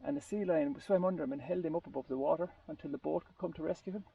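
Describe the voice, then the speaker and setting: A man's voice: a little high, fast talker, creaky, husky. A man telling a long story in a casual group talk, rambling and often restarting his sentences. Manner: rambling, searching for words with restarts. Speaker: group participant. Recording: distant muffled lo-fi recording.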